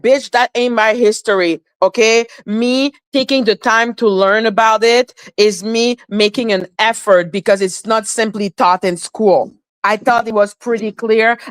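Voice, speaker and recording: A woman's voice: mid-range voice, clear, resonant tone, no echo. Indignant woman. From Canada. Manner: indignant, profane, exasperated. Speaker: livestreamer. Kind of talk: upset livestream monologue.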